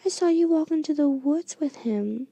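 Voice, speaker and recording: A woman's voice: high voice, expressive, moderate pace, gravelly, mellow, pitched above the performer's own voice. A woman voicing a mocking teenage girl bully in a taunting, sneering way, as a whispered story reading.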